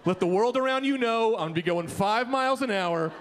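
A man in his thirties doing a stand-up comedy set, animated and shouting his punchlines. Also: extremely high pitch, a little fast, few pauses, noisy background. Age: 30s. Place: comedy club. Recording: live club with crowd laughter. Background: audience laughter.

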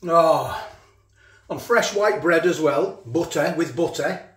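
Tasting as he goes, a chatty food vlogger talks casually, sometimes with his mouth full, in a voice pitched a little high for a man. He takes his time, and his tone is fairly bright. The kitchen gives off a noticeable echo.

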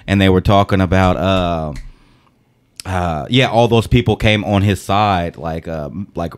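A man with a low, deep voice co-hosting a comedy podcast. He rambles through his points with lots of fillers, then presses them home emphatically. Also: a little slow, clear, resonant tone. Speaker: podcast co-host. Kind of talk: casual podcast chat.

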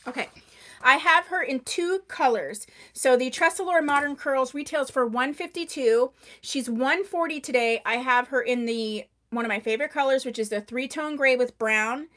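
A woman with a high voice runs a live-stream wig sale, talking into a microphone. She chats fast and gushes over each item, greets viewers by name, and tends to raise her voice. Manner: chatty, gushing over products, answering viewers by name; tends to talk loudly. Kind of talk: live-stream sales chat.

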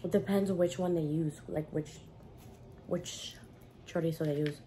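Slow, mellow-voiced New woman vlogger. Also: low voice, fairly even intonation, slight background noise. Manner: casual, slangy, chatting between bites. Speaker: food vlogger. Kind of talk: mukbang eating vlog.

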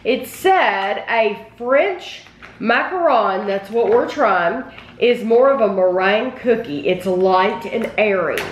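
A woman's voice: medium pitch, expressive, slow. Chatty woman host in a food-tasting video, talking to viewers; roomy indoor sound, faint hiss. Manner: chatty, addresses viewers directly. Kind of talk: casual food tasting chat. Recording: roomy with faint background noise.

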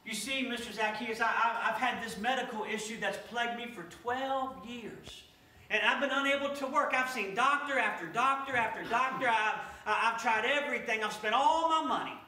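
A man's voice: extremely high pitch, moderate pace, sharp tone, echoey room, distant mic, exaggerated voice. A man voicing a poor, sick woman who stammers as she pleads for more time to pay. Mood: pleading. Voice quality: stammering, breathless. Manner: pleading, then exuberant. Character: poor sick woman begging for time, later overjoyed and healed.

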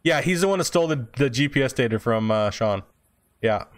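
A man's voice: medium pitch, animated, fairly quick. Casual chatty male game streamer. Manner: chatty, loose and profane, answering chat. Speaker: gaming streamer. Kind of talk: casual live-stream chat.

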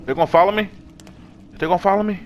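A man commentating a horror game, excitable and profane, yelling and gasping at each scare. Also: high-pitched, fast, a little hiss or hum. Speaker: gaming YouTuber. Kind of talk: horror let's play commentary.

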